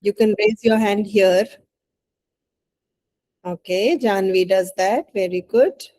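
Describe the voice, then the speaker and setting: Slow, mellow Indian-accented woman teacher. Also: mid-range voice, slight background noise, poor audio. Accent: Indian English. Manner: patient, coaxing, often checks with "right?". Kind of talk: online English lesson.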